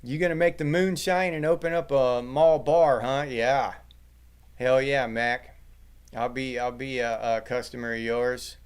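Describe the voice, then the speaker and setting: Middle-aged male host, casual livestream chat, foul-mouthed and joking, clean resonant tone, mid pitch. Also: steady tone, a little slow, smooth. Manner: crude, joking, swearing freely.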